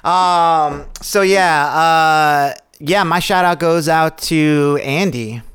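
A man's voice: fairly high pitch, very slow, fairly bright tone, clear, resonant tone. A man co-hosting a podcast in casual chat, laid-back and rambling as he talks. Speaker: podcast co-host.

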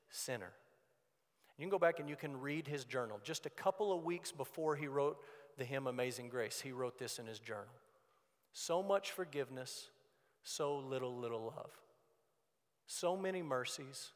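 A man as pastor giving an earnest, chatty sermon at a mid pitch in a reverberant hall. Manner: earnest, conversational preaching with acted quotes. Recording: long church hall reverb.

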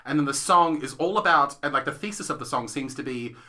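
A man's voice: mid-range voice, animated, fast, bright, forceful tone. An Australian man co-hosting a theatre podcast, chatting casually, giggling and rambling with lots of "like". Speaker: podcast co-host, theatre reviewer. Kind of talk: casual chat.

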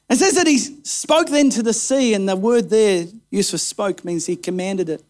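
A male pastor preaches in an unusually high voice. He drops into hushed, intense stretches, then rises again into emphatic, repeated appeals. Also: moderate pace, hardly any pauses. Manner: dramatic, swings between quiet intensity and rising emphasis. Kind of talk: sermon.

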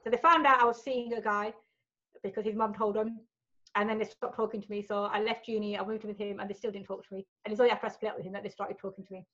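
A woman's voice: medium pitch, fairly even intonation, fast talker, fairly bright tone, dull audio. A woman telling personal stories as a podcast guest, frank and sweary, tagging lines with right and you know. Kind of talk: candid storytelling in a podcast chat.

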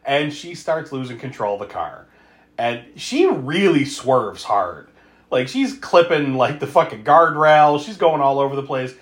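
Animated laughing man in an echoey room. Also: medium pitch, measured pace. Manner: animated, laughs a lot, acts out quotes. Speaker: podcast co-host. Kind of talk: casual film-recap chat.

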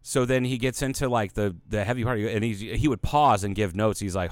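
A man's voice: on the low side, fairly quick, no room sound. A man co-hosting a podcast, telling rambling, profane stories in casual chat. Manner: rambling, profane storytelling with animated quotes. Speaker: podcast co-host.

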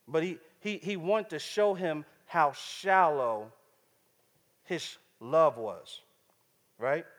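A man preaches in a loose, slangy, conversational style, voice sitting a bit high. His talk rings out into a long hall echo. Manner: casual, slangy, conversational preaching with repeated asides to the crowd. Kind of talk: sermon.

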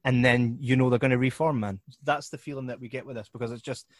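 A man hosting a casual interview over a video call, asking rambling, halting questions in a friendly way. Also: mid-range voice, steady tone, no room sound, clean studio sound. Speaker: podcast host.

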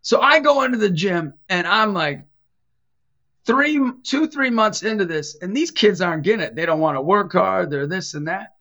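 Chatting casually on a podcast, a middle-aged Catholic evangelist who also coaches youth basketball tells animated stories and performs the quoted voices of their characters. He has a high-pitched voice at normal speed, and the recording has its highs cut off.

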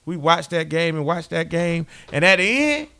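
A man, co-hosting a sports podcast and telling stories in relaxed, chatty banter. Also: fairly high pitch, normal speed, vocal fry, smooth. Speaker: podcast co-host.

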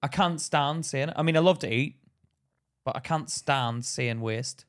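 A young man, co-hosting a casual podcast and telling stories in an animated way. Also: medium pitch, measured pace. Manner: animated storyteller, acts out voices loudly. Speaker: podcast co-host. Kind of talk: casual chat.

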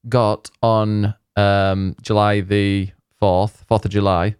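Playful low-voiced man on dry mic. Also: little pitch movement, slow pace, clear, resonant tone, no echo. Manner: playful, laughs often, jokey. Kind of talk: casual podcast chat.

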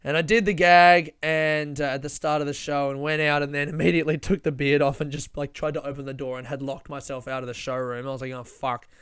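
A young man, a comedian and podcast host, telling a story in a casual, animated way, laughing and swearing often. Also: a little high, fast talker, hardly any pauses, clean tone, no room sound, clean studio sound.

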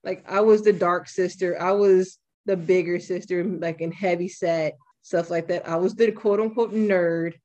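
A young woman hosting a podcast, talking bluntly and with plenty of swearing in a casual, animated way. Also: fairly low pitch, normal speed, hardly any pauses. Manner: blunt and profane, animated retelling. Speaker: podcast host.

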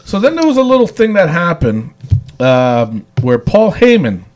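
A man's voice: high-pitched, very animated, measured pace, darkish tone. A man hosting a casual wrestling recap chat, enthusiastic and rambling with fillers. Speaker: wrestling show host.

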